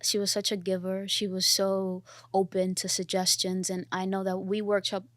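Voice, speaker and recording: Earnest, animated young actress. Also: female voice, mid-range voice, moderate pace, no echo, studio quality. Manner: animated, earnest, quoting herself and others. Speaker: actor, interview guest. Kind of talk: casual interview.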